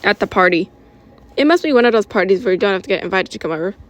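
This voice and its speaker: A woman's voice: medium pitch, lively intonation, rapid-fire. A woman reading her own story aloud in a casual way, correcting herself as she goes. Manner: informal, with self-corrections and giggles.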